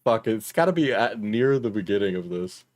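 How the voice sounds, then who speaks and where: A young man chatting casually on a stream while he reacts to clips, loose and profane and quick to laugh. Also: fairly low pitch, expressive, darkish tone.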